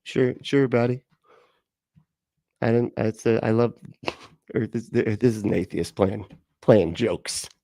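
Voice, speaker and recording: Male streamer, low gravelly voice, dark tone, mocking and sarcastic, casual swearing. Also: measured pace, pauses often, dry recording, clean studio sound. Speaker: livestream host reacting to a video. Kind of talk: casual livestream commentary.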